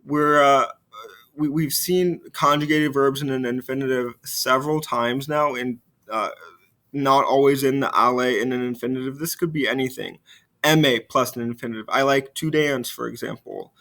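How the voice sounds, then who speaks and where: A man's voice: medium pitch, fairly even intonation. Man teaching French grammar patient lesson voice. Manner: explains grammar patiently, slows down to model French phrases; frequent fillers, trails off quietly at phrase ends. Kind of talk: recorded video lesson.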